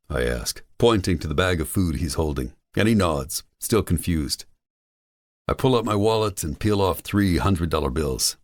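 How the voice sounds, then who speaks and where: A man narrating a romance audiobook in first person, intense and expressive. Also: extremely low pitch, moderate pace, no room sound, clean studio sound.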